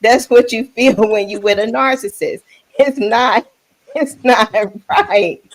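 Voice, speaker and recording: Brief: woman host of a live panel chat, slightly high voice, frank and quick to laugh. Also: a little hiss or hum. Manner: frank, laughs often while talking.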